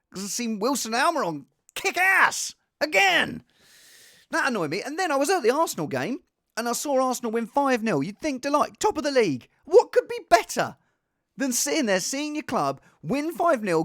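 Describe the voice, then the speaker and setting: A man's voice: extremely high pitch, huge pitch swings, moderate pace, fairly bright tone, dry recording, clean studio sound. A man hosting a casual show, rambling in a self-deprecating way in front of a green screen. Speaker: podcast host. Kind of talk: casual chat. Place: home set with green screen.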